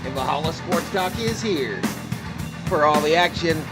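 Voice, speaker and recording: A man hosting a live sports stream, chatting in an upbeat, slangy way and giving shout-outs to his chat. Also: fairly high pitch, animated, moderate pace, over loud music.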